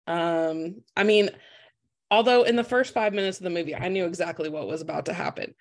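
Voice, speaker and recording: A woman's voice: lowish voice, fairly quick. Enthusiastic woman co-hosting a podcast. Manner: enthusiastic, expressive, many fillers. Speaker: podcast co-host. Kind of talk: casual chat.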